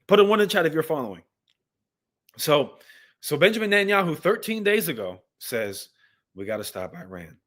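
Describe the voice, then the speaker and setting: Reading news and scripture aloud on his live stream, this Bible commentator speaks directly to viewers with impassioned commentary. His voice is fairly high and a bit bright, fairly quick, with big pitch swings.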